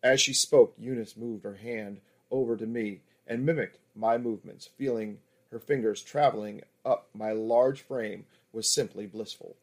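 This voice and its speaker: A man narrating an erotic audiobook in the first person, steady and intimate. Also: on the low side, normal speed, few pauses.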